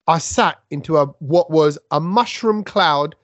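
A man's voice: on the high side, a little slow, dry recording. A man, co-hosting a casual chat, telling stories and acting out his own lines with big jumps in emphasis. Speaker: podcast co-host. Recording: dull lo-fi sound, dry.

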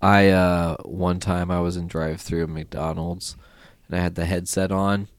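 A young man hosting a casual podcast chat, animated, joking and swearing freely. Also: low-pitched, moderate pace, no echo, clean studio sound. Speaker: podcast host.

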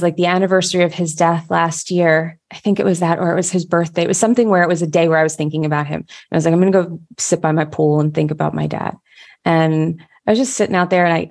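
A woman hosting a casual talk, telling a story from the heart. Her voice sits somewhat low, and she circles back and restarts her sentences as she goes. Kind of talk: casual conversation.

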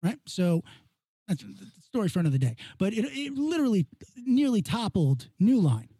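A man's voice: sits high, big pitch swings, normal speed, mellow, breathy edge, no room sound. A man co-hosting a casual chat, talking emphatically and repeating himself as he builds his point. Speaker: podcast co-host.

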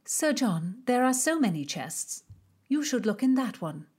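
A woman's voice: fairly high pitch, big pitch swings, measured pace, a little mellow, breathy edge, pitched above the performer's own voice, exaggerated voice. A woman voicing a guarded young female innkeeper in an audiobook, speaking formally and coolly polite. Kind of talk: audiobook character reading.

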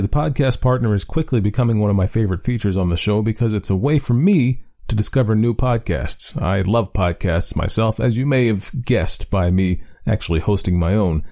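A man hosting a short-story podcast, talking through his intro in a chatty, animated way. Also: on the low side. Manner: lively, animated delivery. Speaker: podcast host. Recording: faint music behind.

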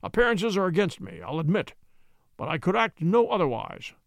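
A man voicing a huge, fierce middle-aged baronet who shouts in a loud, truculent, bullying way, read from a storybook. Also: high voice, very animated, normal speed, vocal fry, no echo, exaggerated voice. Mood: grudging.

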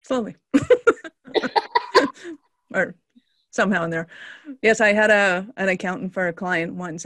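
A woman's voice: lowish voice, a bit bright, dry recording, clean studio sound. A woman coach chatting casually, laughing between her points. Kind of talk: casual conversation.

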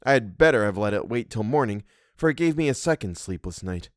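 A man reading a classic ghost story aloud, narrating in a measured and expressive way. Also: lowish voice, no room sound, clean studio sound. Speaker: reader.

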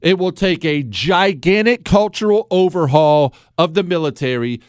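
A man in his forties hosting a call-in radio talk show, emphatic and animated, dropping from loud to low. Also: moderate pace, clean tone, dry recording, clean studio sound.

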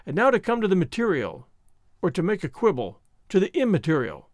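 An earnest old minister who lectures in a solemn, sermonizing way, as a man reads him aloud for an audiobook. The voice sits high and swings widely, and the sound is close and dry. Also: wildly swooping pitch, a little fast, dry recording. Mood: earnest counsel. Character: kindly old Scottish country minister, earnest. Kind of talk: audiobook reading.

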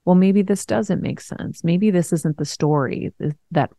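A woman in her forties hosting a podcast, telling a personal story in a frank, animated way, laughing now and then. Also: fairly low pitch, measured pace, gravelly, no room sound, clean studio sound. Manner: frank, animated, swears and laughs while telling hard news. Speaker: host. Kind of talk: candid conversational storytelling.

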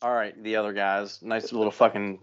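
A man's voice: lowish voice, a little fast, a little hiss or hum. A man co-hosting a podcast, telling a long story in casual chat, cursing often and acting out the people in it. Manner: profane, animated storyteller. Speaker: podcast co-host. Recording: muffled lo-fi audio.

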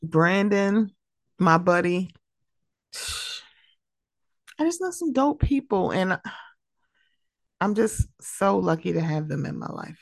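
A woman's voice: fairly low pitch, slow pace, creaky, pauses often, dry recording, clean studio sound. A woman hosting her own podcast, talking casually and with feeling, telling stories about friends. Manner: emotional, tearful at times, animated storytelling. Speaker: podcast host. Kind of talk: casual solo podcast monologue. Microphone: close podcast mic.

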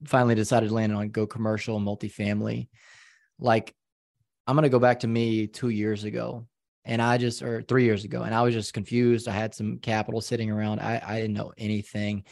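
A man's voice: on the low side, level tone, brisk, vocal fry, darkish tone, dry recording, studio quality. A man co-hosting a podcast, bantering in a slangy, joking, fired-up way. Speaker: podcast co-host.

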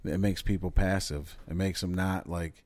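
A man's voice: sits low, fairly even intonation, normal speed, a little mellow, no echo. A man hosting a podcast, talking in a loose, profane, rambling casual chat. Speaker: podcast host.

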